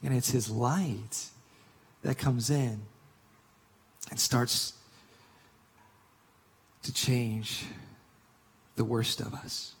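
A man preaching a sermon, telling and reading a story in an earnest manner that swings from emphatic to hushed. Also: mid-range voice, fairly even intonation, drawn-out words, pauses often, breathy edge, in a large hall. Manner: earnest, builds to emphatic reading then drops to hushed whisper.

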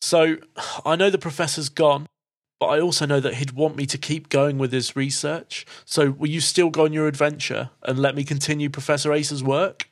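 A shaken young woman researcher, tearful and apologetic, speaking in a raised, breathless voice, as a man puts her on. Her talk comes in eager rushes. She is a figure in a tabletop role-play. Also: a little high, little pitch movement, lightly acted.

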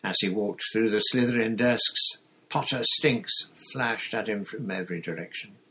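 A man reading a novel aloud in a steady narrating manner, with occasional slips and restarts. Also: fairly low pitch, moderate pace, slight background noise, low-quality recording. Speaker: audiobook reader. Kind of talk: storybook narration.

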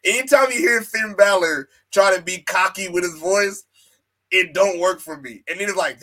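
A man's voice: high-pitched, moderate pace, sharp tone. A man hosting a casual wrestling podcast, swearing, laughing and mimicking wrestlers' voices. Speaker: podcast host.

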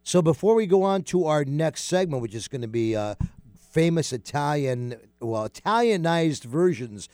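A man's voice: fairly high pitch, moderate pace, dry recording, studio quality. Chatty man hosting a radio talk show. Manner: relaxed, with many fillers. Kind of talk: casual radio chat.

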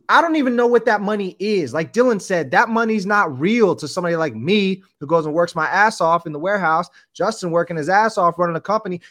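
A man's voice: high voice, fairly bright tone. A middle-aged man co-hosting a casual sports podcast, ranting in a fired-up way. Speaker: podcast co-host.

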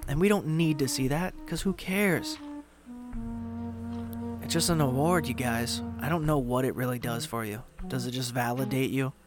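A man hosting a solo podcast into a studio microphone, casual, rambling and sarcastic. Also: mid-range voice. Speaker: podcast host.

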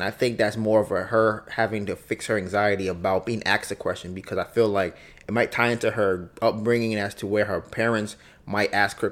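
Slightly low-voiced man musing aloud. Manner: reflective, repeats himself, acts out both sides of arguments. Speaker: podcast host. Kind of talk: solo casual monologue.

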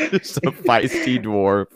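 A young man co-hosting a podcast in casual chat, laughing a lot and jumping in with animated remarks. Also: mid-range voice, slow pace, a loud crowd. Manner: giggly, animated interjections. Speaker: podcast co-host.

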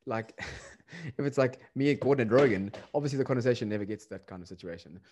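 A man's voice: medium pitch, fast talker, slight background noise. Man telling a story casually. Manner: animated storyteller, laughs mid-sentence, stumbles and repeats words. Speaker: podcast co-host. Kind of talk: casual chat.

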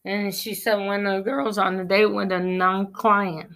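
A woman's voice: mid-range voice, fairly even intonation, a bit bright. A woman giving an earnest personal faith testimony, preaching encouragement. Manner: earnest, preachy, slow and deliberate.

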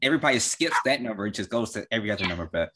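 A man's voice: lowish voice, animated, racing, very noisy. A man hosting a podcast, chatting casually and hesitantly with lots of "like"s and repeated words. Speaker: podcast host.

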